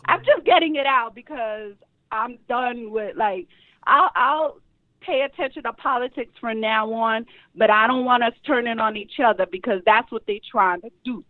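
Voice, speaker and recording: A woman's voice: fairly high pitch, moderate pace, no room sound. Blunt New York woman calling in. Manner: blunt, teasing, animated. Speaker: caller. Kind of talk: casual phone call-in chat. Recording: muffled phone-line audio, dry.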